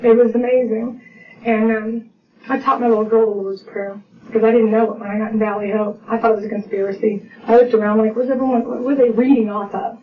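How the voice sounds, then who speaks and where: A middle-aged woman gives heartfelt personal testimony about her recovery, speaking quickly in a slightly high, fairly flat voice. She acts out dialogue and restarts often, and the audio is distant, dull, and lo-fi with faint noise.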